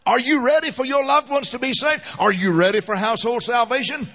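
A male preacher with a high, bright, forceful voice gives an emphatic, fervent sermon. The sound is dull and lo-fi, with a long reverb trailing behind him as if in a large hall. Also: brisk.

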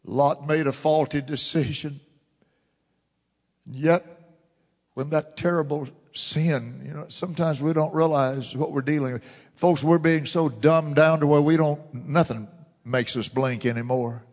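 A fervent man preaching a sermon in a church, swinging from loud declarations to hushed murmurs. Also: a little high, steady tone, measured pace. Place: church sanctuary. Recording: long church reverb.

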